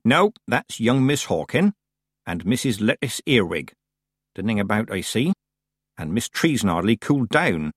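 A male narrator puts on a commanding old witch woman who scolds and snaps. Her voice is husky and a touch raised, full of lively ups and downs. It is a dry, close audiobook reading. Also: on the low side, normal speed, no echo. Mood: sniffy. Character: stern, sharp-tongued old witch woman. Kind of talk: audiobook character voice.

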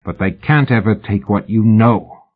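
A man voicing a sly, lean Victorian London swindler who talks low and soberly. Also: measured pace. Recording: phone-like narrow band.

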